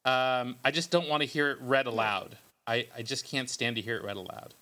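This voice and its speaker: A man's voice: medium pitch, fairly even intonation, brisk, bright, forceful tone. A man hosting a podcast in casual, joking chat, loose and full of ums. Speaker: podcast host.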